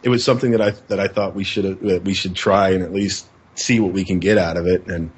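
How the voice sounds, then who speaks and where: A man co-hosting a podcast in casual chat, halting and repeating words, laughing often. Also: low voice, fairly even intonation, slightly rough. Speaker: podcast co-host. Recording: dull lo-fi podcast audio.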